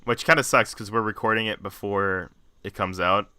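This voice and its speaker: A man's voice: on the low side, fairly even intonation, moderate pace, bright, forceful tone, clean tone, no room sound, studio quality. A man in his twenties co-hosting a podcast in casual chat, joking and rambling with frequent laughs. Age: 20s. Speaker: podcast co-host.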